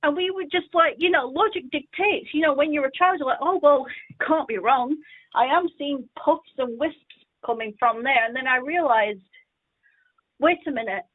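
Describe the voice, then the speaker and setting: A woman calling in to a radio show, telling a childhood story in an animated way and acting out the voices. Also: high voice, moderate pace, no room sound. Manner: animated, acts out the quoted voices. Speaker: caller. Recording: dry tinny phone line.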